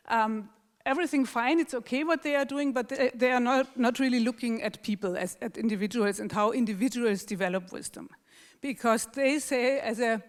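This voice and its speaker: A woman giving an academic lecture, explaining thoughtfully and often restarting her phrases. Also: on the high side. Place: lecture hall. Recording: long hall reverb.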